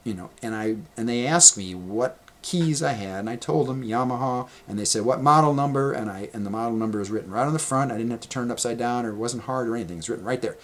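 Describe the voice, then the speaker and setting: A man with a hoarse, gravelly voice that cracks, telling a rambling, exasperated story in a casual vlog, swearing as he goes. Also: medium pitch, quick pace, few pauses.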